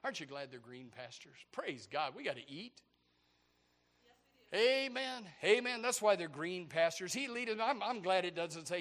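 Male preacher with a bright, forceful voice, folksy and exclamatory. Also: high voice, expressive, moderate pace, big-room sound. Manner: folksy and exclamatory, with frequent stammered restarts. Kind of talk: sermon.

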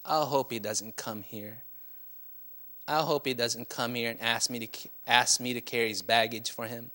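A man voicing a reluctant, grumbling male merchant in a sermon story, speaking lower and quieter than his preaching voice. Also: moderate pace. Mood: worried.

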